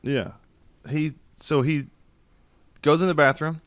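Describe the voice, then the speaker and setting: A man's voice: on the high side, fairly even intonation, slow pace, dry recording. A man telling a long funny story in casual chat over a video call, acting out the quotes and laughing often. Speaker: podcast guest. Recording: dry video call audio.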